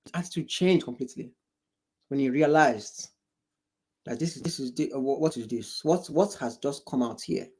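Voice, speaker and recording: A man's voice: medium pitch, moderate pace, a little mellow, husky. A man hosting a reaction video, commenting in a mocking way and mimicking the people he watches.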